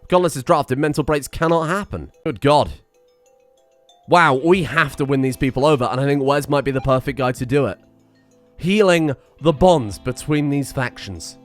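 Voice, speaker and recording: A man's voice: medium pitch, normal speed, soft background music. A man hosting a let's play, rambling and self-mocking with plenty of swearing. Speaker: gaming channel host.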